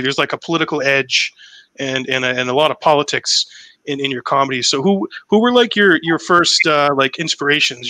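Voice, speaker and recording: A man's voice: mid-range voice, bright, forceful tone, no room sound, low-quality recording. A man in his thirties from Massachusetts with no regional accent, telling chatty, profane stories in a casual podcast conversation. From Massachusetts, USA. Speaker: impressionist guest.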